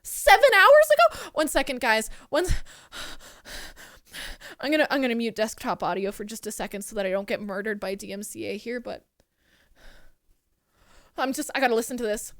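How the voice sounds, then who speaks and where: A high-pitched young-sounding woman streaming from home, chatting with viewers in a bubbly, excitable way. Her voice is close and dry, with no room sound around it. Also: moderate pace, pauses often, dry recording. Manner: excitable, giggly, swears casually. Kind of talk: casual live-stream chat.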